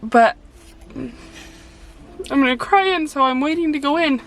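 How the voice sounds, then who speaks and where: Nervous, chatty young mom vlogging. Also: female voice, high voice, a little slow, fairly bright tone, soft background music. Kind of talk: casual vlog. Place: car and hospital waiting room.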